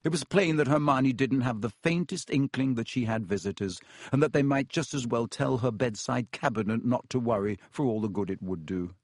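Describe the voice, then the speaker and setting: A man narrating a children's fantasy audiobook in a measured storytelling manner. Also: medium pitch, dry recording, studio quality. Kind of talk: scripted narration.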